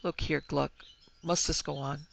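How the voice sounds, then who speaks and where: A man's voice: on the high side, level tone, measured pace, creaky, a little hiss or hum. A stiff, skeptical German businessman, as a man reads him. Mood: formal. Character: skeptical middle-aged male German businessman.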